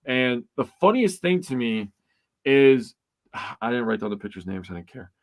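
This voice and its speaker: A man's voice: mid-range voice, sing-song, moderate pace. A man co-hosting a sports podcast, recapping a game emphatically with mock outrage. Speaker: podcast co-host. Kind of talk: casual sports chat.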